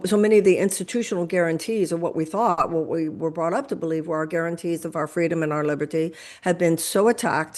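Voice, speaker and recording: Older woman guest, low voice, emphatic, builds arguments with examples. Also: darkish tone. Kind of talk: impassioned political talk.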